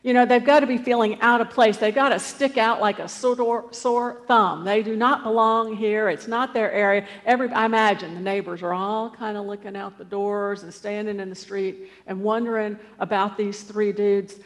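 A woman's voice: medium pitch, fairly even intonation, normal speed, few pauses. A woman preacher retelling a scripture story in a conversational way, with asides and fillers. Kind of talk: storytelling sermon. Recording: long hall reverb.

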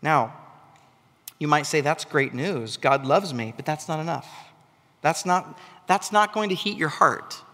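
A man preaching with a fairly high voice that climbs into emphatic, animated bursts. His sermon rings out with a long reverb trailing behind every phrase, as in a large hall. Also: a little slow. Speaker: pastor.

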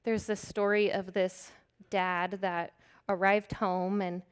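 Speaking in a mid-range voice, a middle-aged woman gives a sermon that is sincere and open. She occasionally chuckles at her own expense and lowers her voice to a gentle, breathy whisper to drive points home.

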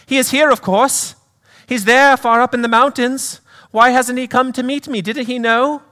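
A man voicing a petulant grieving mother's ghost in a put-on British accent, high and indignant. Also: steady tone, moderate pace, pushed and bright. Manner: high-pitched, indignant, demanding.

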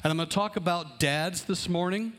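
A man, a pastor and father, preaching a relaxed, conversational sermon to his congregation. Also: high voice, fairly quick. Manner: conversational, explaining plans aloud. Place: church hall with congregation.

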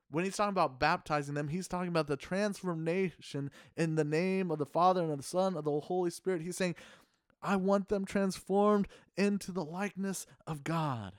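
Earnest man preaching, smooth dry voice. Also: on the high side, dry recording. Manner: earnest, measured preaching with rhetorical questions. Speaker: pastor. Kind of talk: sermon.

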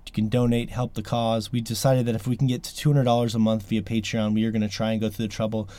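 A man's voice: fairly low pitch, little pitch movement, fast, mellow. A man hosting a podcast in casual chat, talking emphatically and grumbling with frustration. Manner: emphatic, exasperated, sweary. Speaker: podcast host.

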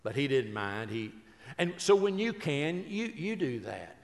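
A man's voice: medium pitch, sing-song, measured pace, creaky, in a large hall. An older man, a Christian speaker and humorist, telling folksy, joking stories that turn earnest. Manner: folksy, joking storyteller who turns earnest. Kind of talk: humorous storytelling talk.

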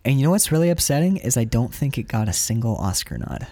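In a dry recording, a fast-talking man with a medium-pitched voice co-hosts a podcast and reviews a film. The chat is casual, and he's animated and emotional, cursing often and frequently starting over mid-thought.

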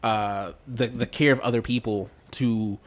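Male co-host, casual and rambling, keen, average pitch. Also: fairly even intonation, unhurried. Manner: rambling, heavy on fillers, enthusiastic. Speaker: podcast co-host. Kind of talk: casual chat.

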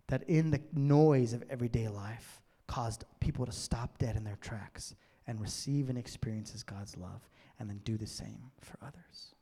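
A man preaching a sermon as a pastor in a church, swinging from loud emphatic bursts to near-whispers. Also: medium pitch, moderate pace, few pauses, husky. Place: church sanctuary. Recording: long church-hall reverb.

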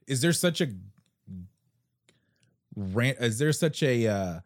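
A man hosting a podcast, chatting casually and telling halting, rambling stories. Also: mid-range voice, animated, no echo, clean studio sound. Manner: rambling, halting storyteller with restarts. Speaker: podcast host. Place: Seattle.

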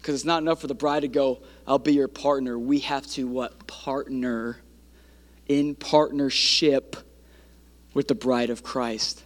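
A man's voice: medium pitch, steady tone, a little slow. A man preaching a sermon, building through repeated phrases and climbing to emphatic peaks. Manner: repetitive, rising emphatic preaching cadence.

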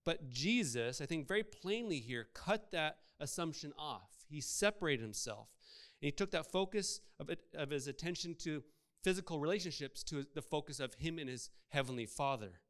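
A man's voice: a little high, animated, normal speed, a bit bright. A man preaching a sermon, conversational, asking his congregation rhetorical questions. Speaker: pastor.

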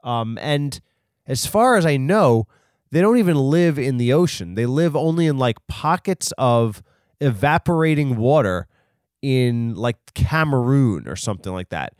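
Guy hosting a comedy podcast, slow rambly delivery, dry close sound. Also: mid-range voice, animated, darkish tone, dry recording. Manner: rambling, full of ums and restarts. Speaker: podcast host.

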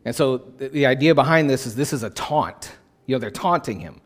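A man's voice: mid-range voice, lively intonation, fairly quick. A male pastor preaching a sermon in a conversational way, repeating phrases for emphasis.

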